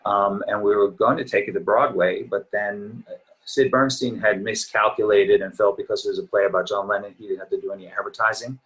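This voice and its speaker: Low-voiced middle-aged man, easygoing and tired. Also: fairly even intonation, a little fast, a bit bright, low-quality recording. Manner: easygoing, reminiscing, rambling. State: slightly tired voice. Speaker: actor guest. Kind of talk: casual interview chat.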